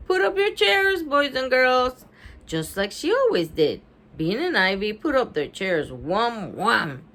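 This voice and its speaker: A woman reading a children's chapter book aloud, expressive and prone to giggly asides. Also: lowish voice. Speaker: storybook reader.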